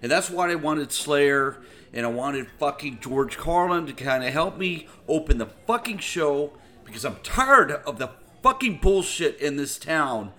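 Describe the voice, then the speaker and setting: Brief: angry male host, loud and swearing, bright forceful voice, swings widely in pitch. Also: expressive, unhurried. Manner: furious, heavy swearing, repeats himself. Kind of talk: profane angry rant.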